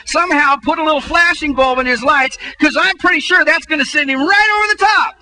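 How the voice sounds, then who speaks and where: A pastor tells a comic story from the pulpit in a strikingly high, very bright and sharp man's voice. He acts out his own frustration, and his voice leaps even higher at those moments. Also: brisk, hardly any pauses, low-quality recording. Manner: animated storytelling, voice jumping up when exasperated. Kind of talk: humorous sermon story.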